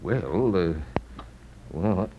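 A man's voice: deep voice, animated, extremely slow, full character voice. An actor playing a fussy older hypochondriac father who blusters and hesitates, in vintage stage-play style. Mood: hesitant. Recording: muffled lo-fi old recording with faint room hiss.

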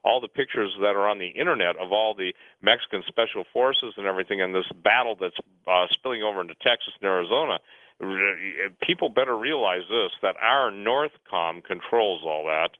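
Speaking at length as a talk radio guest, a man with a lowish voice rambles urgently and brisk, often restarting his sentences. The audio has a dry, phone-line radio quality with no echo.

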